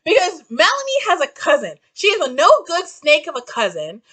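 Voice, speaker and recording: Young woman, book vlogger, ranting and swearing with a bright, swooping voice. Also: high-pitched, normal speed. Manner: animated, profane, exasperated ranting. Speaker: book reviewer. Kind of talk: ranty casual book review.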